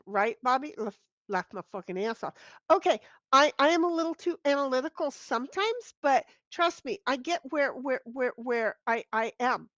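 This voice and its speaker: Streaming from home with her dogs nearby, a middle-aged host speaks into a computer mic at her desk in a slightly high voice. She rambles through chat messages, reading them aloud in a blunt, salty manner with plenty of restarts. The recording is dry and dull.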